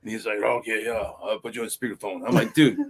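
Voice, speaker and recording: A man's voice: on the low side, fairly even intonation, fast, a little hiss or hum. A man co-hosting a podcast in casual chat, rambling through stories, swearing freely and leaning on filler phrases. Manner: rambling storyteller, profane, leans on "you know". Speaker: fill-in podcast co-host.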